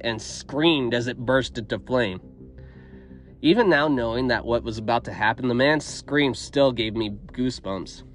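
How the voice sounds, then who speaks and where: A man narrates a first-person story in a steady, measured reading voice. His pitch sits at an ordinary middle for a man, even and unhurried.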